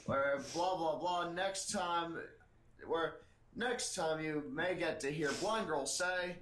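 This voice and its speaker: Man, podcast co-host, deadpan satire reading, somewhat high voice, echoey room. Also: slow pace, a little hiss or hum. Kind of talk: casual podcast chat and reading satirical news.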